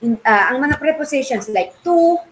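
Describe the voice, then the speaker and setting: A Filipino woman teaching a Bible study class, quizzing her students with lively questions and switching freely between English and Tagalog. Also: high voice, normal speed, rough recording. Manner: animated, mixes English and Tagalog.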